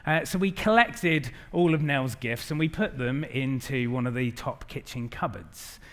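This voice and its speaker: A middle-aged man giving an animated keynote talk to a live audience, acting out the quotes in his stories. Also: mid-range voice, measured pace. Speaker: conference speaker.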